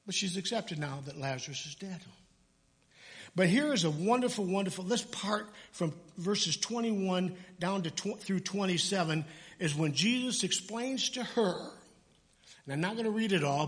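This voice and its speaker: A male pastor preaches in a church with a slightly high voice. His delivery is loose and chatty, full of restarts and self-corrections as he moves through the passage. He speaks easily to his congregation and slips in small jokes. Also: expressive, measured pace, big-room sound. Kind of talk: sermon.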